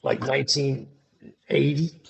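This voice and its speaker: A man's voice: medium pitch, little pitch movement, measured pace, gravelly, highs cut off. A middle-aged man telling a personal testimony in a casual, slangy, dramatic way. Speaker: storyteller sharing a testimony.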